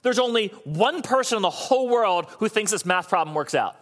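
A man in his thirties preaching a sermon, telling the story with animated, acted-out voices. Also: high-pitched, brisk. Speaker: pastor.

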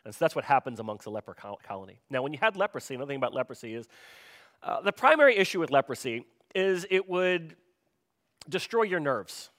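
A male pastor preaching with a pitch a little above the usual. His delivery is chatty and informal, and he keeps checking in with his listeners as he goes. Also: very animated, fast talker, a bit bright. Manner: conversational, asks the congregation questions. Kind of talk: sermon.

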